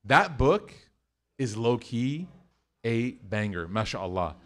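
A man giving an Islamic talk to a live audience, telling stories in a conversational, animated way before taking questions. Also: mid-range voice, slow pace. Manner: conversational, animated storytelling with religious phrases. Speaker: religious speaker.

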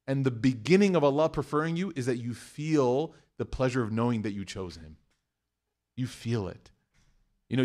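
A man giving an Islamic talk to a live audience, telling stories in a conversational, animated way before taking questions. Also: mid-range voice. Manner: conversational, animated storytelling with religious phrases. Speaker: religious speaker.

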